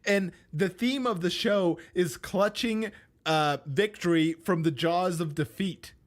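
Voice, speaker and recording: A man's voice: high voice, slow pace. A young man co-hosting a casual live stream, talking frankly and emphatically and laughing easily. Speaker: co-host.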